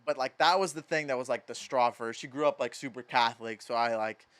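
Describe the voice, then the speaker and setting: A fast talker with a medium-pitched, clear and resonant voice, this young man from Madison, Wisconsin, is in his twenties. On a podcast as a guest, he tells casual stories in an animated, profane style full of "like" and other fillers.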